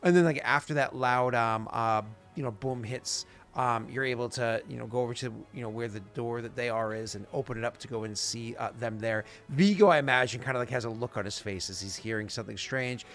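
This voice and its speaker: A man's voice: medium pitch, fairly quick, hardly any pauses, fairly bright tone, soft background music. A man narrating as game master, rambling, with restarts and sounds acted out. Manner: rambling, many fillers and restarts, vivid sound effects.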